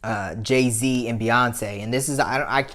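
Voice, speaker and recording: A man's voice: medium pitch, fairly even intonation, a little slow, fairly bright tone. A man hosting a commentary show, talking frankly to his viewers, swearing freely and growing heated and emphatic as he makes his points. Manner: frank, profane, addresses viewers as y'all. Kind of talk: casual opinion commentary.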